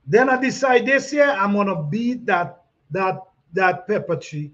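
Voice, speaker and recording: A man hosting a gardening chat, reading out comments in a relaxed way, repeating himself and laughing often. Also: sits high, a little slow. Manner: laid-back, repeats phrases, laughs often. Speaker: gardening channel host. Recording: dull lo-fi sound.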